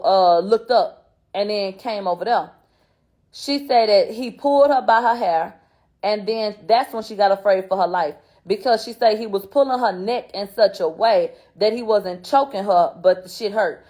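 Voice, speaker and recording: A woman's voice: mid-range voice, darkish tone. A woman hosting a show, recapping courtroom testimony in blunt, profane, sarcastic casual commentary. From Houston, Texas. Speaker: host recapping a court trial.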